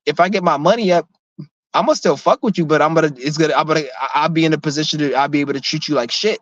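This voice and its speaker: A man's voice: fairly high pitch, very fast, a bit bright, no room sound. A man delivering a heated rant to camera, blunt, profane and confrontational, often restarting his sentences. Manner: repeats himself with many restarts. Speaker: vlogger. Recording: dull lo-fi, dry sound.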